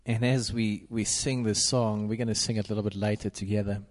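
A man's voice: lowish voice, little pitch movement, brisk, big-room sound. A man preaching a sermon, repeating declarations in a rhythmic, emphatic cadence.

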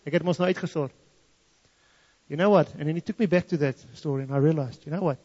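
A man's voice: on the high side, quick pace, long pauses, mellow, slightly rough. A man from South Africa's Free State with an Afrikaans South African accent, a native Afrikaans speaker, telling a story as a testimony and switching between English and Afrikaans. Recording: dull lo-fi sound in a reverberant hall.

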